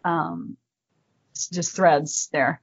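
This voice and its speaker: A woman's voice: deep voice, steady tone, drawn-out words, creaky, muffled recording, a little hiss or hum. A woman in a casual book discussion, curious and questioning, telling stories loosely.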